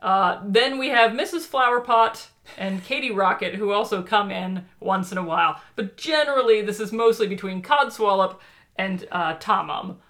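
A woman's voice: mid-range voice, normal speed. A woman co-hosting a podcast, chatting casually and emphatically about children's books. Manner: animated, emphatic. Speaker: podcast co-host. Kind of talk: casual chat reviewing books.

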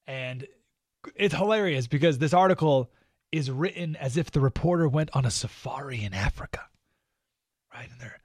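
A man's voice: medium pitch, normal speed, breathy edge, dry recording, studio quality. A man hosting a radio talk show, delivering an opinionated monologue in a sarcastic, mocking, emphatic manner. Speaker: radio host.

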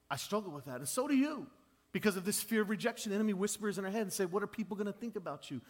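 Male pastor, higher voice, chatty sermon style, plays out quotes with humor. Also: lively intonation, rapid-fire. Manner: conversational, self-deprecating, acts out quoted voices.

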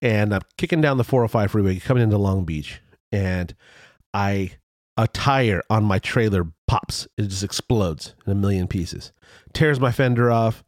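A man telling a road story in casual chat, rambling with restarts and fillers, and his voice jumps higher when he gets excited. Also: normal speed, no echo, studio quality.

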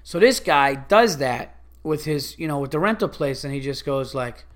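A young man tells a story on his podcast, his voice sitting a little higher than most men's. He talks casually and swears often, and he keeps getting more exasperated as he goes. He drops into quick little impressions of the people he's talking about. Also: expressive. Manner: profane, exasperated, mimics others in quick asides. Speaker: podcast host.

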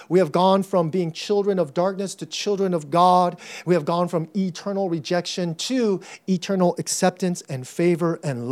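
Male pastor, young adult, high-pitched, animated sermon delivery with bursts of shouting. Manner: animated, acts out voices, shouts for emphasis.

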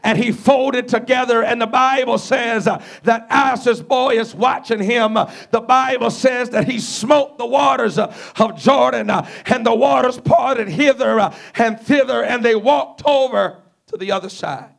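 High, gravelly-voiced man preaching. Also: unhurried. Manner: acts out biblical dialogue in storytelling preaching. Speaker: guest preacher. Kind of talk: sermon. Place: church before a congregation.

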